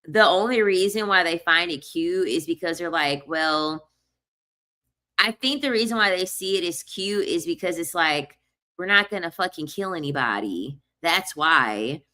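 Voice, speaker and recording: A young woman, telling stories in a casual, animated vlog monologue, repeating herself and laughing often. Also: on the low side, measured pace. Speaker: vlogger.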